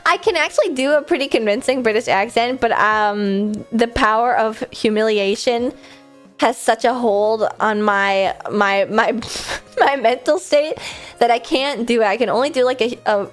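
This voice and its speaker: A woman streamer chatting casually with her viewers, giggly and self-mocking, with quick asides. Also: fairly high pitch, faint music behind.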